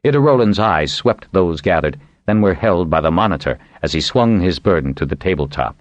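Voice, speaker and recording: A man narrating an audiobook in an expressive reading style. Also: low-pitched, fairly quick, no echo. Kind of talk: scripted narration.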